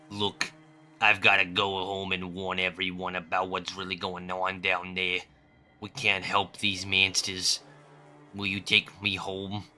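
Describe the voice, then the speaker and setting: A rescued young girl from a video game, speaking in a quiet, subdued way, as a man reads her. The voice stays low, bright in tone, and measured. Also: heavily acted.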